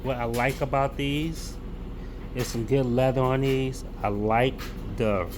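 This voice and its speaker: A man talking casually in a vlog as he shows off his new sneakers, relaxed and loose, often repeating words as he goes. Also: mid-range voice, unhurried, noisy background. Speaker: sneaker collector showing his pickups.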